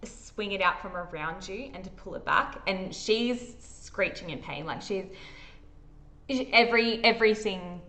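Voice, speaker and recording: This is an Australian woman leading a tabletop horror game, giving vivid scene descriptions broken up by frequent fillers. Her voice sits at a medium pitch and sounds a bit bright.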